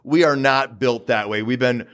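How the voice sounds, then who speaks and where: A man hosting a podcast, talking in a steady, measured way and leading the questions. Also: medium pitch. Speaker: podcast host. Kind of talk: casual podcast chat.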